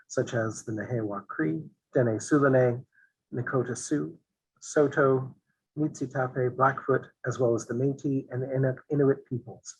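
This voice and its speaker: A male event host giving a formal land acknowledgement and introduction, speaking haltingly with frequent pauses. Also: medium pitch, a bit bright, slightly rough, rough recording.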